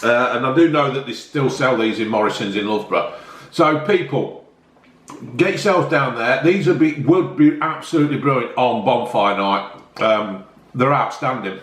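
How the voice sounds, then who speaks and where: A man's voice: medium pitch, moderate pace, fairly bright tone, reverberant. A man, chatting enthusiastically as a casual food review vlogger, often talking while eating.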